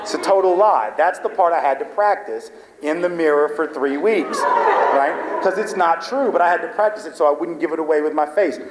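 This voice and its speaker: A man's voice: a little high, brisk, a loud crowd, heavy background noise. A man giving a talk to a live audience, telling a story animatedly, acting out bits of dialogue and often checking in with "right?". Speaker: guest speaker. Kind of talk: storytelling lecture. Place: lecture hall. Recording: echoey hall with long reverb.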